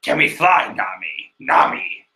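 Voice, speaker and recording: A man voicing a gruff, hardened male soldier hero in a low, gravelly growl. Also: very animated, slow pace, sharp tone, full character voice.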